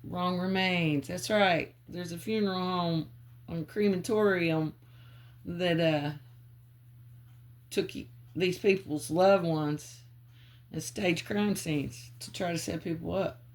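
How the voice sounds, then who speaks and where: A woman giving a channeled psychic reading, calling on spirit and muttering names and clues in halting bits. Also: lowish voice, a little mellow. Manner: halting, muttering free association. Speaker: psychic reader.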